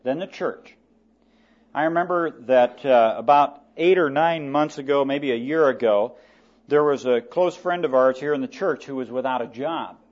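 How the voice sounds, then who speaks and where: A man preaching a sermon in a church, reading scripture slowly and then talking plainly to the congregation. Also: mid-range voice, muffled recording.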